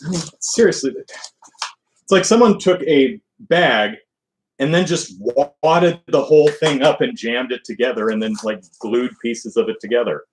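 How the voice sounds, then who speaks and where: A man's voice: mid-range voice, a little slow, a little hiss or hum, low-quality recording. A man hosting a live stream, baking and grumbling to himself in casual, exasperated chat.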